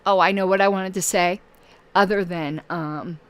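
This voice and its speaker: A woman hosting her own channel in casual livestream talk, losing her voice and pausing often with fillers. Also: fairly low pitch, steady tone, a bit bright, clear, resonant tone. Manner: halting, many filler pauses. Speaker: political channel host.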